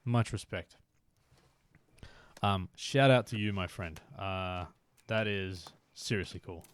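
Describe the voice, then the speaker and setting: A man streaming a motorbike game live, chatting excitedly to his viewers while he plays. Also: low voice, slow, smooth. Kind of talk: live-streamed gameplay chat.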